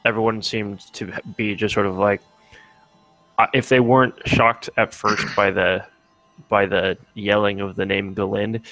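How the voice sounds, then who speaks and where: A man's voice: on the low side, little pitch movement, measured pace, a bit bright, dry recording, faint music behind, poor audio. A man narrating a tabletop game as game master, rambling with fillers and restarts.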